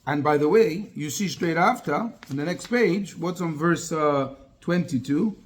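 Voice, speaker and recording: Male rabbi, slightly raised pitch, animated teacher who quizzes the room. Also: measured pace. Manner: animated, asks the class many rhetorical questions. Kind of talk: interactive Torah class.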